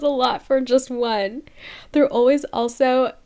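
Twenties woman podcast host, kinda high voice, sarcastic fed-up rant, laughs a lot. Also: steady tone, a little slow, warm tone. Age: 20s. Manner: sarcastic, exasperated, laughs often. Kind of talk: casual comedic rant.

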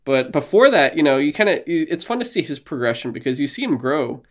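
Animated man chatting about a game. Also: on the high side, quick pace. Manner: animated, acts out characters in quoted voices. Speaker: podcast co-host. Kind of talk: casual video game discussion.

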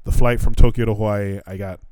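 Profane storytelling man, low dry voice. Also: steady tone, fairly quick, mellow, no echo. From United States. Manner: profane storytelling with laughs and quoted dialogue. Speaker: podcast host. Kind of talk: casual chat.

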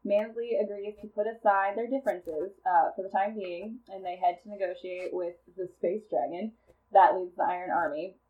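A woman co-hosting a comedy podcast, casually pitching a movie plot with lots of fillers and frequent laughter. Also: steady tone, normal speed, narrow, tinny audio. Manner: rambling storyteller, laughs often, many fillers.

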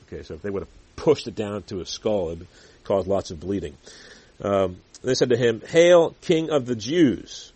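A man preaching a sermon and reading scripture aloud, earnest and growing louder when he makes a point. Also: a little fast, breathy edge, no echo. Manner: earnest, rises in pitch and volume when emphatic. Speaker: pastor.

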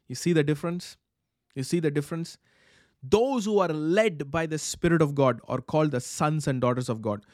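A man's voice: fairly high pitch, darkish tone, no room sound, clean studio sound. A man preaching a charismatic sermon, leading prayer with fervent repetition and breaking into speaking in tongues.

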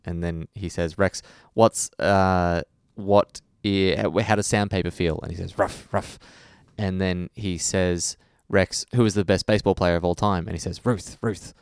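A man's voice: sits low, fairly even intonation, normal speed, hardly any pauses, smooth, no echo, clean studio sound. A man co-hosting a casual podcast, chatty and fond of telling jokes. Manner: chatty, tells jokes with voices. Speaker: podcast co-host. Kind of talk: casual chat.

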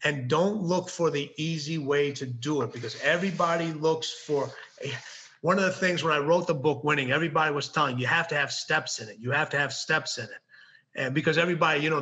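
Emphatic man with a bright voice. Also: a little high, moderate pace. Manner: emphatic, repeats key phrases. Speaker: guest author. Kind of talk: motivational interview talk.

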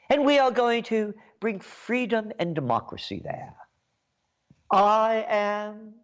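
Man mocking a preachy, proper male president, sing-song and lively, dull lo-fi sound. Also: high voice, full character voice. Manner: mock-polite and solemn, turning loud and scornful.

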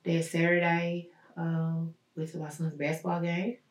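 A woman recounting a personal ordeal as a guest, halting and searching, with many pauses and fillers. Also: on the low side, little pitch movement. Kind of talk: personal testimony in an interview. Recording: roomy echo, mic at a distance.

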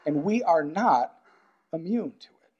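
A pastor preaching a sermon in an earnest, emphatic way, repeating key phrases and moving between loud urgent stresses and quiet asides. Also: male voice, fairly high pitch, lively intonation, a little slow, breathy edge, highs cut off.

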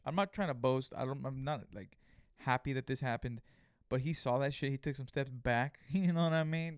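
Young male podcast host, loose profane storyteller, mid pitch, dry close sound. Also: creaky, dry recording. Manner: profane, animated retelling with acted-out quotes. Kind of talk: casual storytelling monologue.

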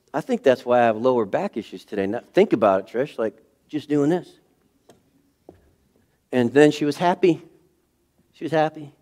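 Middle-aged man, pastor, animated storytelling sermon, mid-range voice. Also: medium pitch. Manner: animated storytelling, acting out scenes with sudden shifts in loudness. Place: church sanctuary.

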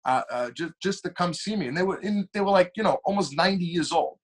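A young man, a singer telling stories as a podcast guest in a lively, animated way. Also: fast talker. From Long Island, New York. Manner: animated storyteller with shifting pitch and pace. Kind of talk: casual storytelling interview.

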